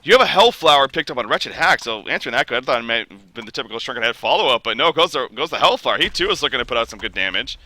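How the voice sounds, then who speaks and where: A young man casting an esports match, his voice worn hoarse from being under the weather, climbing into shouts when fights break out. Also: medium pitch, expressive, rapid-fire, hardly any pauses, no echo. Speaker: esports caster. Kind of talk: play-by-play esports commentary.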